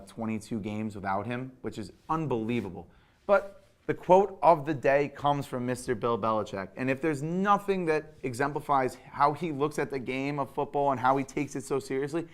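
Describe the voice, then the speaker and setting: A young adult man hosting a sports show, giving an animated, opinionated recap with hot takes. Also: mid-range voice, clear, resonant tone.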